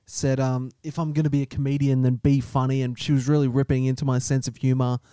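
Teasing podcast co-host. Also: male voice, mid-range voice, level tone, fast, dark tone, smooth, no room sound, studio quality. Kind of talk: casual podcast chat.

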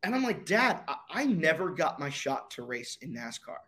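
A young man, a racing driver, telling his story in a casual interview with dramatic pauses and energy. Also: a little high, very animated, bright, forceful tone.

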